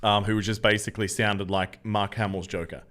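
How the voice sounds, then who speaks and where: A young man with an Australian accent, talking casually on a game stream with a fairly low voice. He banters with chat in a loose, jokey way and answers the comments as he goes. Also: flat delivery, brisk, fairly bright tone.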